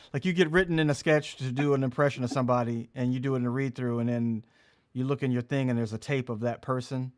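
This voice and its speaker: A male comedian hosting a comedy podcast, reminiscing in an easygoing way with lots of fillers and laughs. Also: on the high side. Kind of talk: casual comedy podcast chat.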